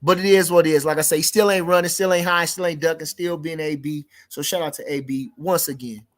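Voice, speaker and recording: A man hosting a livestream, reading viewers' comments and chatting about boxing in a rambling, casual way, with lots of restarts and shout-outs. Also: a little high, steady tone, fairly quick. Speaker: livestream host reading chat.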